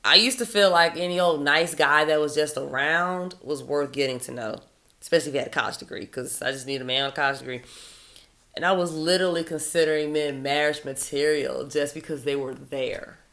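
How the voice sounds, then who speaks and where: Blunt, low-voiced woman vlogger. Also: brisk, pushed and bright. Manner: blunt, profane, sardonic. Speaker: vlogger giving dating advice. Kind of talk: casual opinionated monologue.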